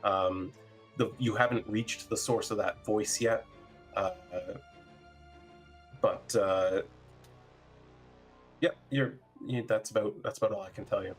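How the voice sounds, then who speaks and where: Low voiced dm guy narrating the fight, lots of um, bit of music behind. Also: takes it slowly, long pauses. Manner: relaxed, hesitant, many ums. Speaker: game master. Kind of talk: narrating a tabletop game.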